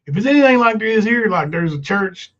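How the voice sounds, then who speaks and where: A man's voice: high-pitched, expressive, a little fast, fairly bright tone, highs cut off. A man hosting a casual livestream, rambling with many fillers and reading viewer comments aloud. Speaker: livestream host.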